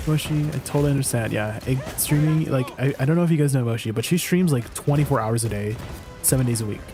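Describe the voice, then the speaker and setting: A man's voice: medium pitch, fast talker, warm tone, soft background music. A man chatting casually to viewers on a live game stream, laughing often and joking around.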